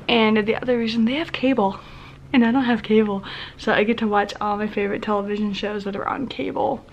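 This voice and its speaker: A young woman with a slightly high voice chats casually in a home vlog from inside her house, sounding a bit out of breath and tired. Now and then she coos at dogs in baby talk, and there's a little hiss or hum.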